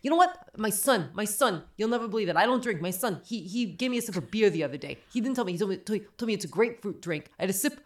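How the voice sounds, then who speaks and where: A woman's voice: medium pitch, lively intonation, very fast, few pauses, voice pushed up, natural voice. Woman doing a nonstop-talking boastful technician. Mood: chatty boastful. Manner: nonstop run-on talk, calls people honey. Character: chatty, boastful middle-aged woman mammogram technician.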